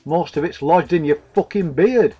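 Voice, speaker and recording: A man's voice: on the high side, moderate pace, breathy edge, lo-fi sound, faint music behind. A man voicing a sarcastic young man with a dry, mocking wit.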